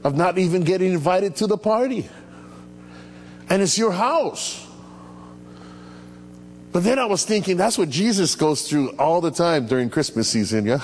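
A male pastor preaching in an animated, playful way, calling out to the congregation for responses. His fairly high voice carries through a hall with a long echo. A faint hum sits under the recording. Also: moderate pace, pauses often. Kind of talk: sermon. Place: church hall.

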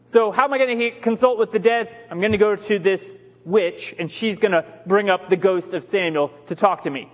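A man's voice: high voice, brisk, hardly any pauses, lightly acted. Brief: man reading a frightened king begging for answers; anxious, pleading, long reverb. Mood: frantic. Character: desperate frightened ancient king, male.

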